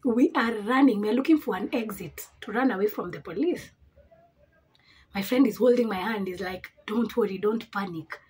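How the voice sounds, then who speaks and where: A young woman from Africa, a beauty vlogger chatting through an animated storytime while doing her makeup. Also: a little high, moderate pace, breathy edge. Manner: animated storytelling with dramatic reactions.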